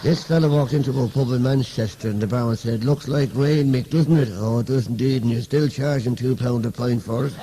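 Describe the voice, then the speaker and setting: A young Irish man, a comedian, telling stand-up jokes as rapid-fire one-liners and switching into the voices of the people in them. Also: medium pitch, mellow, slight background noise. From Ireland. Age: young adult.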